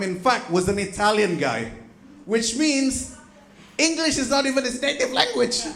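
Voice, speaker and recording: A man's voice: sits high, slight background noise. A man doing a stand-up set on stage, telling stories with acted-out quotes. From Indonesia. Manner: animated storytelling with acted-out quotes. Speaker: stand-up comedian. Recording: echoey venue room.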